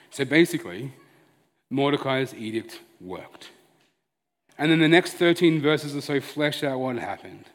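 A man's voice: medium pitch, lively intonation, measured pace. Male pastor, earnest and chatty, preaching in a reverberant hall. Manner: earnest, conversational preaching with restarts. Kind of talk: sermon.

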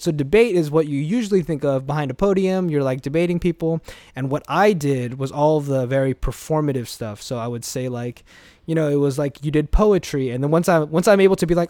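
A man's voice: a little high, a little fast, a little mellow, no echo, studio quality. A young man, a former speech competitor, chatting casually as an interview guest, rambling with restarts and swearing freely.

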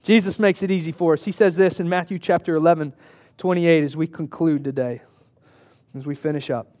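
A man in his thirties preaching a sermon as pastor, earnest, moving between hushed intimate passages and raised emphatic ones. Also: a little high, steady tone, fairly quick.

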